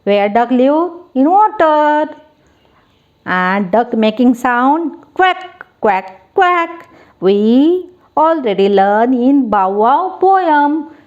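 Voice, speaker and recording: A woman teaches young children in very slow, simple English, spelling out each word letter by letter. Her voice sits fairly high and the recording sounds dull and lo-fi. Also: expressive, a little mellow. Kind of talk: children's textbook lesson.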